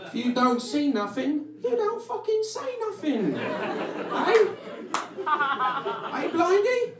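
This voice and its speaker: A comedian voicing a taunting tough-guy heckler in a shrill, yelling voice. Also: wildly swooping pitch, takes it slowly, a loud crowd, heavy background noise, exaggerated voice. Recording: roomy club sound, distant mic, audience laughter.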